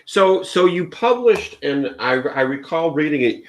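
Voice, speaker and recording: A man's voice: on the high side, animated, unhurried. A man hosting a live leadership interview, asking questions with many restarts and encouraging comments. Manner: hesitant, restarts and fillers, encouraging. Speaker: host. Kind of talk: interview host chat.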